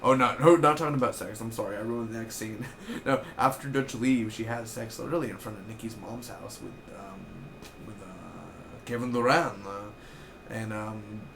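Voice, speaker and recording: A young man in his twenties casually recapping a TV episode, rambling and excitable, swearing freely. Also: on the low side, normal speed, creaky, background noise. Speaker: TV episode reviewer.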